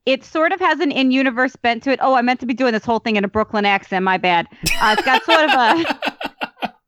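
A woman's voice: a little high, fast, a bit bright, no echo. A woman in casual podcast chat, upbeat and recommending things with light fillers.

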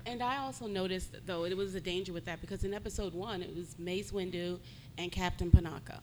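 A woman's voice: fairly low pitch, fairly quick, mellow. Analytical woman panelist over background noise. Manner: analytical, pointed. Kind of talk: fan panel discussion.

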